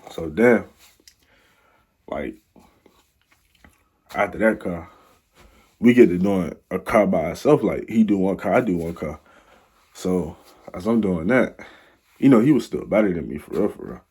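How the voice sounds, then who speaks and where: Husky young man rambling a story. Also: low voice, expressive, unhurried, pauses often, mellow. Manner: rambling, slang-heavy, loose storytelling. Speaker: vlogger. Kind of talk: casual storytime.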